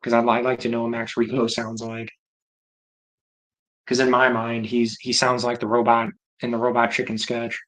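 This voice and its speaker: A man's voice: medium pitch, monotone, normal speed, fairly bright tone, low-quality recording. A man hosting a livestream, chatting casually and rambling as he reacts aloud to viewer comments. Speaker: livestream host.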